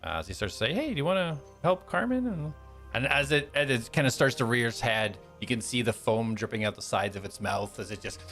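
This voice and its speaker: A man's voice: on the low side, fairly quick, a bit bright, soft background music. A man narrating a tabletop game as game master, describing scenes loosely with many fillers.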